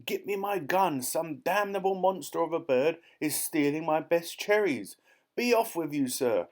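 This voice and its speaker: A man's voice: medium pitch, animated, moderate pace, a little mellow, voice pushed up, lightly acted. A man doing a blustering old duke. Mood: furious. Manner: blustering, bellowing. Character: pompous old male duke, hot-tempered.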